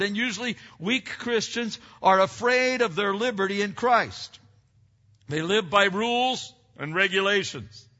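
Man preaching in a reverberant hall. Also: sits high. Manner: swings from loud emphatic preaching to quiet earnest asides; asks the congregation questions and answers them. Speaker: pastor. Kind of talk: sermon. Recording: dull lo-fi recording with long hall reverb.

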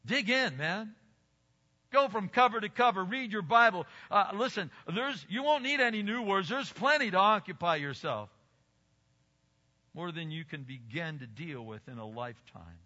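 Bright-voiced older man preaching in a hall. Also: high-pitched, animated, moderate pace. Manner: emphatic, swinging between loud exclamations and quiet asides. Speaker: pastor. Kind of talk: sermon. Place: church sanctuary. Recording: dull recording with long hall reverb.

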